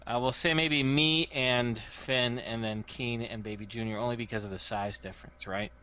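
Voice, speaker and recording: A man playing a tabletop game, chatty and planning out loud, often checking for agreement. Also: mid-range voice, steady tone, moderate pace, slight background noise. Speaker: player. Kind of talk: casual tabletop role-play. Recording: dull lo-fi voice chat.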